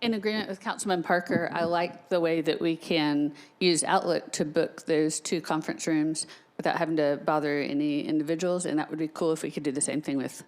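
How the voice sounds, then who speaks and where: Low-voiced woman council member. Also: steady tone, fairly quick, slight background noise.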